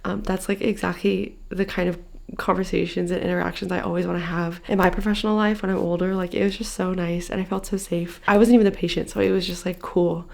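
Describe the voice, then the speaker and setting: A woman's voice: fairly low pitch, little pitch movement, quick pace, gravelly. A young woman in her twenties chatting casually in a book vlog, tired, talking loosely with lots of fillers. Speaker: book vlogger. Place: bedroom.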